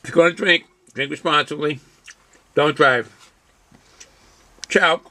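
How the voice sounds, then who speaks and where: An older man does a relaxed home review of a beer and snack, reading a package's blurb aloud before chatting casually between bites. His voice is a little high, pushed and bright, at a measured pace. A little hiss or hum can be heard.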